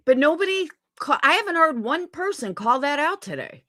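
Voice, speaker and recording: Mad streamer lady cussing thru a rant, kinda high voice, dry close mic. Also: sing-song, normal speed, pushed and bright, no room sound. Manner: heated, profane, repetitive venting. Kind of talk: angry ranting livestream commentary.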